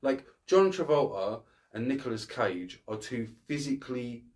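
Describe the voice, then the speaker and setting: A man's voice: mid-range voice, lively intonation, normal speed, a little mellow. A man co-hosting a casual film review podcast, ranting bluntly and swearing often. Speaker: podcast co-host.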